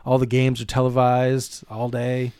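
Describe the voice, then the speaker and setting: A man's voice: mid-range voice, completely flat delivery, unhurried, a little mellow, clear, resonant tone, no room sound, studio quality. A man from Minnesota co-hosting a movie podcast, chatting casually and explaining local details in an easygoing way. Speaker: podcast co-host.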